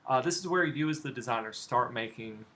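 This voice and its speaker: Brisk and mid-range in voice, a man demonstrates design steps on a computer for his class, keeping things relaxed as he talks through his clicks and asks his students questions. It's a live classroom demonstration with faint background noise.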